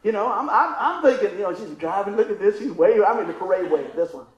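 A man's voice: high voice, animated, fast, reverberant, lo-fi sound. A middle-aged man preaching a sermon, telling a funny story and calling for responses from the congregation. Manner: folksy, call-and-response, acts out story voices. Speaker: pastor.

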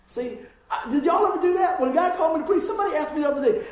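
A man preaching a lively, joking sermon and acting out voices. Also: very high voice, racing. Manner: animated, joking, acts out voices. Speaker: pastor. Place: church hall. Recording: echoey church room, distant mic.

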